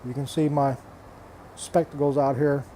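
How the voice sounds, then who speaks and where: An older man rants about his reef aquarium on his hobby vlog, bluntly exasperated, swearing freely, restarting phrases and repeating himself. His medium-pitched, mellow voice is flat and measured in pace, and there's a little hiss or hum.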